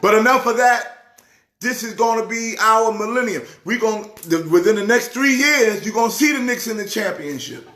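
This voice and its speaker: A man who is a pastor, talking sports casually in an excitable way, repeating words with a preacher's rhythm. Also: sits high, moderate pace, echoey room. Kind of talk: casual sports talk show.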